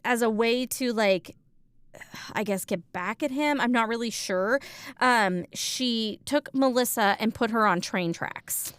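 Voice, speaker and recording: A woman's voice: a little high, unhurried, fairly bright tone, clear, resonant tone, no room sound. A woman co-hosting a casual true crime podcast, telling the story with lots of ums and likes.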